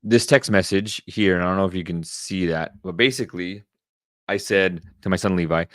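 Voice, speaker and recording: A middle-aged man hosting a casual solo podcast, talking with excited energy and often repeating himself. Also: low voice, moderate pace, no echo, clean studio sound. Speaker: podcast host.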